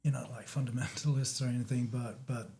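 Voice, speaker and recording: A man from Denmark with a Danish accent, talking as a guest in a casual chat, halting with many restarts and fillers. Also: mid-range voice, fairly even intonation, gravelly, dark tone, slight background noise.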